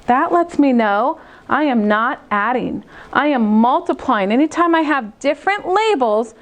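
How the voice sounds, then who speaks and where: Woman, grade school teacher, high voice, patient step-by-step math lesson for kids. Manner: slow, clear, step-by-step explaining.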